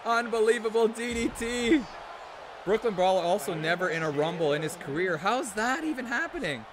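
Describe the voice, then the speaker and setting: A high-pitched man streams live and calls a wrestling video game with loud excitement, yelling at big moves and chuckling to himself between viewer shout-outs. A faint hiss of background noise sits under his voice.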